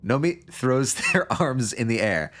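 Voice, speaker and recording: Man, streamer, casual, joking, rambling, reads game text aloud, mid-pitched voice. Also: sing-song, measured pace, fairly bright tone. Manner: joking, rambling, with frequent laughs. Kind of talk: casual livestream commentary while reading a game aloud.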